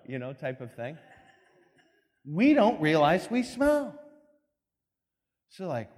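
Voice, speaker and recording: A man's voice: a little high, sing-song, takes it slowly, long pauses, darkish tone. A man giving a motivational talk with slides, telling a story animatedly and acting out voices. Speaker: speaker. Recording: long reverb in a hall.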